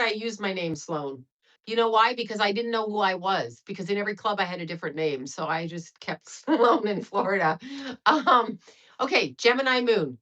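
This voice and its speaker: A woman's voice: mid-range voice, fairly bright tone, dull audio. A woman in her fifties hosting a casual livestream, blunt and profane, rambling between stories and astrology. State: sweating.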